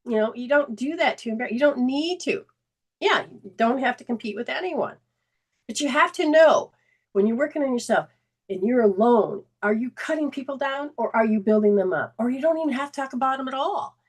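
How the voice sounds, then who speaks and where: A woman's voice: high voice, a little fast. A woman hosting a spiritual self-help talk, speaking in an earnest, conversational way, often restarting sentences and briefly acting out remembered dialogue. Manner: acts out remembered dialogue in lively quoted voices. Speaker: host and spiritual healing coach.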